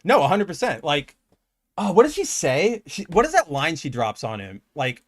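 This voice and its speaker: A young man chats casually about comics as a podcast co-host. His voice sits a little high, and he jumps into animated impressions of the lines he quotes. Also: moderate pace. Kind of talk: casual comic book chat.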